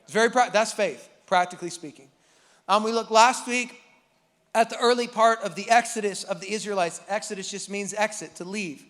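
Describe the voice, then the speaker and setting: A man's voice: sits high, brisk, a bit bright, long reverb tail. A man preaching a casual, joking sermon as pastor, acting out Bible characters with the congregation. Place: church hall.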